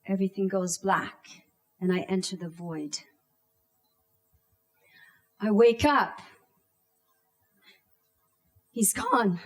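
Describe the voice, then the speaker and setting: Slow, dramatic woman storyteller. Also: medium pitch, animated, faint music behind. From Canada. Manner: slow, deliberate delivery with dramatic pauses and acted-out shouts. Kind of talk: dramatic personal storytelling performance.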